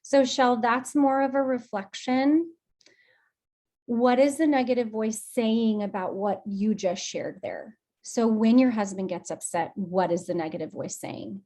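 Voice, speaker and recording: Slow, gentle woman guiding a group. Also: a little high. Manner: gentle, affectionate, encouraging. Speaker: group session facilitator. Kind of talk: guided emotional release session. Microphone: video call.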